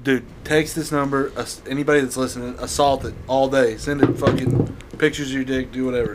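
A man's voice: mid-range voice, steady tone, brisk, hardly any pauses, background noise. A man from Kentucky, co-hosting a podcast in crude, joking casual chat. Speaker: podcast co-host.

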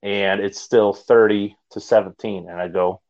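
A man's voice: lowish voice, lively intonation, a little fast, darkish tone, muffled recording. A man talking in a rambling, hesitant way in a casual sports chat.

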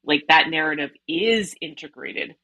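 A woman psychotherapist talking in a casual interview, animated, often ending points with a questioning "right?". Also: low-pitched, moderate pace, poor audio. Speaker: psychotherapist guest.

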